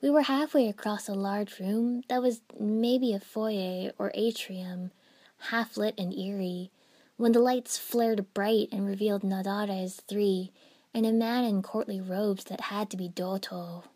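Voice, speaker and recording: A woman narrating a first-person fan fiction story in an even storytelling manner. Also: mid-range voice, measured pace.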